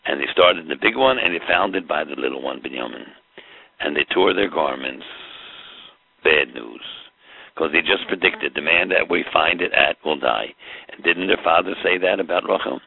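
A man's voice: extremely low pitch, animated, normal speed, gravelly, breathy edge, no echo. A man teaching a Torah class, explaining with rhetorical questions and mixing in Hebrew terms. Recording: tinny phone-like line.

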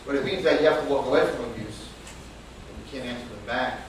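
A man, a rabbi teaching a Torah class to girls, dramatic, dropping to a hush and then bursting out loud, with Hebrew and Yiddish terms. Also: mid-range voice, quick pace, slight background noise. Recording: echoey room, mic far off.

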